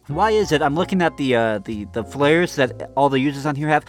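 A man's voice: a little high, lively intonation, fairly quick, hardly any pauses, faint music behind. A man hosting a comedic commentary, reading online posts aloud in a sarcastic voice that breaks into laughs and stumbling restarts. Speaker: commentary host.

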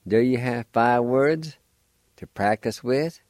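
A man hosting a radio language lesson, spelling and pronouncing words slowly and deliberately, letter by letter. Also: medium pitch, darkish tone, dry recording. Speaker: radio language teacher and host.

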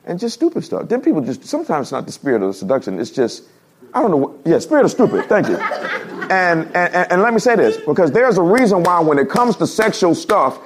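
A man preaching a humorous storytelling sermon to his congregation, animated and laughing at his own stories. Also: high voice, brisk, a little hiss or hum. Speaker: pastor. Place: church service before a congregation.

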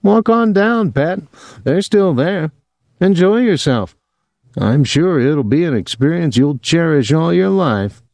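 A cold, controlling man delivers his words with mocking, curt sarcasm, played by a male narrator. His voice leaps in pitch as he sneers. The sound is dry and close to the mic. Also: sing-song, moderate pace, hardly any pauses, a little mellow, dry recording, close to an everyday voice.

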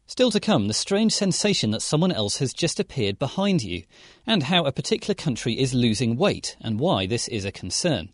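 A man presents as a podcast host, reading a polished script. His pitch moves a lot as he speaks, and the recording is dry and close, with no room sound. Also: big pitch swings, moderate pace, no echo. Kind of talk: scripted narration.

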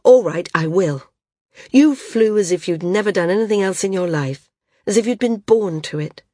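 A woman voicing an earnest young woman flyer who talks in a steady, gently scolding way. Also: medium pitch, normal speed, no room sound, clean studio sound, close to an everyday voice.

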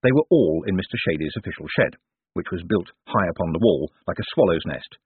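A man narrating a novel in a measured, dry way. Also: low-pitched, expressive, breathy edge, no room sound. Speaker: audiobook narrator. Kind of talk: scripted narration. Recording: tinny lo-fi audiobook recording.

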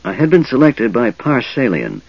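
A man voicing a frail, cold young mage in a soft, wheezing, hissing whisper. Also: mid-range voice, wildly swooping pitch, moderate pace, gravelly, slightly rough, no echo, highs cut off, voice pushed up, heavily acted.

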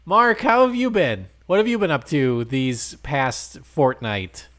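A man's voice: on the high side, animated, a little slow, a bit bright. A young man hosting a casual comedy podcast, playful and joking, slipping into goofy voices. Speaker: podcast host.

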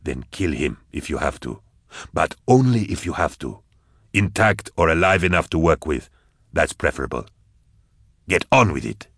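A ruthless schemer speaks in a very deep, husky murmur, as a male reader voices him. Each line lands quietly and coldly, close to a dry mic. It sounds threatening without raising the voice. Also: big pitch swings, moderate pace, no echo, exaggerated voice. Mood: menacing.

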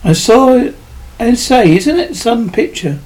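A man with a high voice reading the lines of a shy young woman eager to please, in a story. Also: big pitch swings, a little slow, darkish tone, heavily acted. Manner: shy, modest. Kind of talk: audiobook dialogue.

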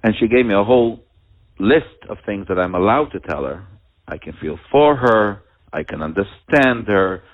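A father telling a personal story at a community talk, halting and earnest, with many pauses and restarts. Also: fairly low pitch, animated. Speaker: father telling of his daughter. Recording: tinny, phone-like narrow sound.

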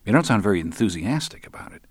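A man's voice: lowish voice, very animated, fast talker, breathy edge, no room sound. A man reading the part of an earnest, persistent man questioning a woman in an audiobook. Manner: persistent, probing. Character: earnest middle-aged man pressing a woman.

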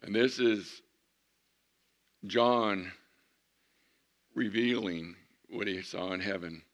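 A man preaching a sermon as pastor, animated, moving between loud emphatic lines and hushed ones. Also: lowish voice, takes it slowly.

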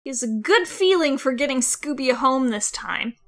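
A woman's voice: high voice, expressive, moderate pace, fairly bright tone. A woman co-hosting a casual podcast about a film, blunt and sarcastic, swearing freely. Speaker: podcast co-host.

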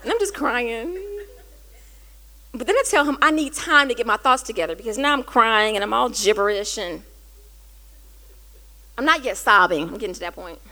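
Woman host, high-pitched, candid storyteller, warm confessional chat. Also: fairly quick. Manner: earnest, conversational, rising to animated quoted dialogue.

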